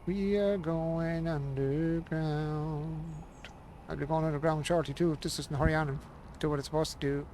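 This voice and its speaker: A man's voice: fairly high pitch, little pitch movement, rapid-fire, darkish tone, slight background noise. A man streaming a building game, casually muttering to himself and mocking his own frustration. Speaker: gaming streamer. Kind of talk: casual live-stream commentary while building.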